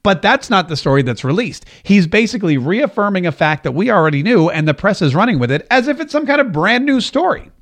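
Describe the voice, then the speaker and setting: A man's voice: high-pitched, very animated, fast talker, few pauses, fairly bright tone. A man hosting a political podcast and radio show, giving emphatic commentary and repeating phrases for stress. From United States.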